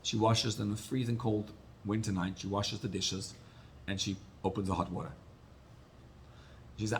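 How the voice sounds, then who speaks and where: A rabbi giving a Torah class, retelling stories with animated swings between loud and soft. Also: male voice, lowish voice, brisk, gravelly, slight background noise. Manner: storytelling, animated rises and drops in loudness.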